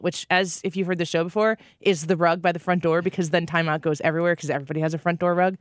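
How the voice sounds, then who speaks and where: A woman's voice: on the low side, animated, brisk, fairly bright tone, no echo, clean studio sound. A woman in her thirties co-hosting a casual chat show, telling playful stories and laughing often. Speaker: podcast co-host.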